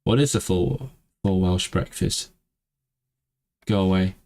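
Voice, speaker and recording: A man hosting a casual language livestream, rambling, restarting his sentences and sounding out phrases slowly. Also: low-pitched, mellow. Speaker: language channel host. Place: lives in England, streaming from home.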